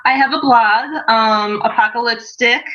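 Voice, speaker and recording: Bright-voiced giggly woman guest. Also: on the high side, steady tone, a little slow, lo-fi sound. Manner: giggly, with many ums. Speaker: guest author. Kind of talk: interview answers.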